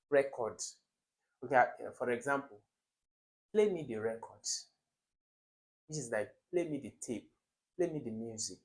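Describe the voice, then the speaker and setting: A man works through exam questions as a tutor, lively and emphatic in delivery. His voice sits in an ordinary middle pitch, and he keeps tossing rhetorical questions at the viewer. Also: poor audio. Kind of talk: classroom-style exam lesson.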